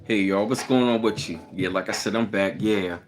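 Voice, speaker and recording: A man's voice: fairly low pitch, normal speed, a little hiss or hum. A man with a Baltimore accent, chatting casually on a live stream and greeting viewers by name. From Baltimore, Maryland. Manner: relaxed, greets chat by name.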